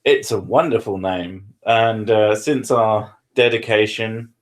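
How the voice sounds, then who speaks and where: A man's voice: on the low side, slow. A man, hosting a live stream from his living room with crude, self-mocking banter. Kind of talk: casual live-stream chat.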